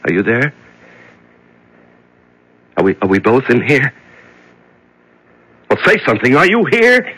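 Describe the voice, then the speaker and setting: An actor playing a frightened man locked in a dark cell, stammering and pleading in 1970s radio drama style. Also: mid-range voice, huge pitch swings, measured pace, pauses often, slightly rough, no echo, heavily acted, low-quality recording. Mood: panicked. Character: frightened male prisoner locked in darkness.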